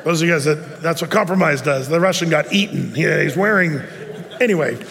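Animated high-voiced male preacher. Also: a little fast, long reverb tail, slight background noise. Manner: animated storytelling with many restarts. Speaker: pastor. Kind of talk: sermon.

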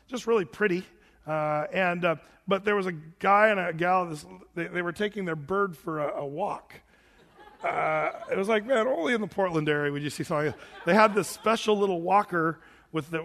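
Chatty high-voiced male pastor. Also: fairly bright tone, in a large hall. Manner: casual, chatty, with many restarts and fillers. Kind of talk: sermon. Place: church sanctuary.

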